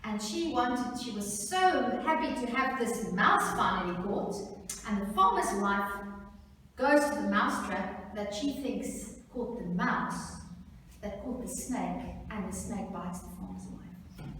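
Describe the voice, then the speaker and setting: A woman workshop facilitator telling a fable to students in a lively, animated way. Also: mid-range voice, unhurried, slight background noise. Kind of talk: storytelling to students. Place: large school hall. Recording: echoey hall, voice from far off.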